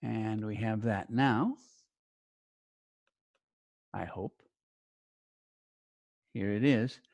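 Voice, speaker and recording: A middle-aged man teaching a class over a video call, giving clear, deliberate instructions and stressing key words. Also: lowish voice, darkish tone, no echo.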